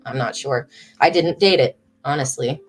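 A woman's voice: a bass voice, normal speed, breathy edge, faint music behind. A woman in her thirties hosting a livestream from home, chatting with viewers and reading her own writing aloud. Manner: emotional, chatty, reads aloud warmly. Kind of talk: casual livestream chat and poetry reading.

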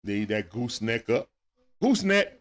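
A man giving casual, excitable play-by-play commentary on a live stream, chatting with his viewers in slang. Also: fairly low pitch, moderate pace.

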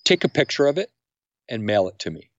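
A man's voice: fairly quick, no echo. A middle-aged man talks with energy, his voice leaping upward whenever he acts out what other people say. The recording is dry and a little muffled, with no room sound. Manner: energetic, acts out quotes with jumps in pitch. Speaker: podcast guest, camp founder. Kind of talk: animated interview talk. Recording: dry, slightly dull sound.

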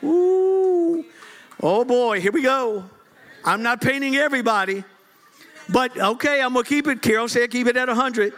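A middle-aged man preaching a sermon, lively and joking, often laughing as he talks. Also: very high-pitched, normal speed. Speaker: pastor.

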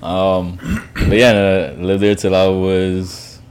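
Deep-voiced laid-back man. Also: flat delivery, takes it slowly, a little mellow, smooth. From New York. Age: 30s. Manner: laid-back, rambling with fillers. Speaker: podcast co-host, guest telling his story. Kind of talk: casual podcast chat.

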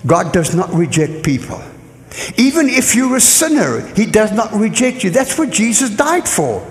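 High-pitched preacher guy going full sermon, call and response, big echoey church. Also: big pitch swings, moderate pace. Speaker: guest preacher.

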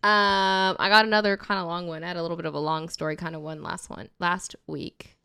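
A woman's voice: lowish voice, steady tone, brisk, creaky, sharp tone, smooth, no echo, clean studio sound. A woman co-hosting a podcast in casual chat, telling jokes and laughing often. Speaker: podcast co-host.

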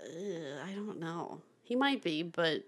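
A young woman with a lowish, expressive voice co-hosts a film podcast, talking slowly and casually about movies. Her speech is full of fillers, restarts, and laughter.

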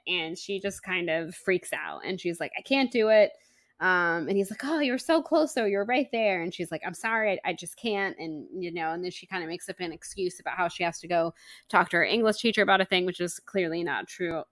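Bright, chatty woman podcaster. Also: on the low side, moderate pace, dry recording, clean studio sound. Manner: chatty, retells scenes with quoted lines and laughs. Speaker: podcast co-host. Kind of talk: casual book-club chat.

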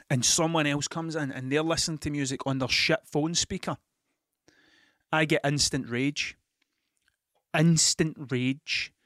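A man's voice: on the high side, a bit bright, dry recording. A Scottish man with a slightly raised voice rambles through a sweary anecdote, breaking into laughter often. The sound is dry and close, with no room around it. It feels like a casual podcast monologue. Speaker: podcast host.

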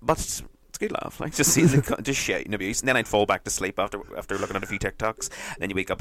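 A man's voice: on the low side, lively intonation, quick pace, hardly any pauses, a bit bright. A man with a Scottish accent hosting a podcast in casual comedic chat, crude and jokey, slipping into put-on voices. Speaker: podcast host.

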